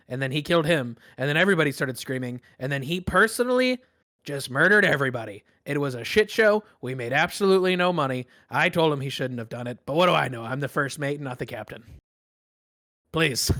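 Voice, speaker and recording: A man's voice: on the high side, bright, forceful tone, no room sound, studio quality. A man voicing a jolly, chubby male pirate first mate who talks cheerily and brags. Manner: cheery, chatty, boastful.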